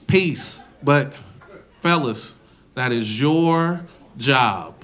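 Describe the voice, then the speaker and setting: A male comedian performing a loud, animated stand-up set on a club stage, slipping into mocking voices, with the audience laughing. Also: on the high side, unhurried. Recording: live club recording, crowd laughter. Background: crowd laughter.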